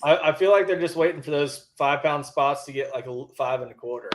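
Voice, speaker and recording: A man joining a casual fishing stream, easygoing and quick to laugh. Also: a little high.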